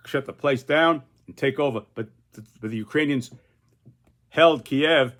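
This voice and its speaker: Older man, political cartoonist, casual rambling commentary, repeated restarts. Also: mid-range voice.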